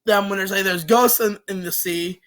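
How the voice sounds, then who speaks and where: Bright-voiced rambling movie fan. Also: mid-range voice, normal speed. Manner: rambling, many fillers and restarts, swears casually. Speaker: movie reviewer. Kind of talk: casual rambling film review.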